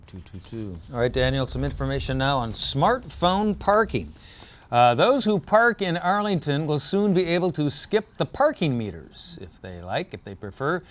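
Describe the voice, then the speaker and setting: A man's voice: on the high side, moderate pace. Man hosting a local news show. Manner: relaxed, joking, with fillers and self-corrections. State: losing his voice. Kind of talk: community news reading.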